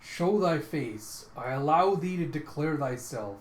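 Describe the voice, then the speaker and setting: A man's voice: a little high, expressive, a little slow. A man voicing a pompous male vampire lord who speaks in theatrical old-fashioned language, read aloud from a comic. The voice sits in a slightly echoey room. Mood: amused, imperious.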